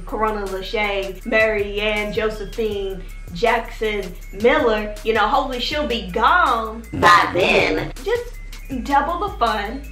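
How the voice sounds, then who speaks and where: Pushed and bright, her high voice carries through a roomy room with faint background music. She's a Texas-based vlogger hosting a casual advice channel from home, talking directly to her viewers and repeatedly asking "okay?"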